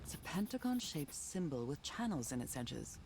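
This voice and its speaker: Low-voiced musing explorer. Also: female voice, big pitch swings, normal speed, creaky, exaggerated voice. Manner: thoughtful, musing to herself. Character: curious woman explorer studying ruins. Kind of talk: video game voice acting. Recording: game audio with background noise.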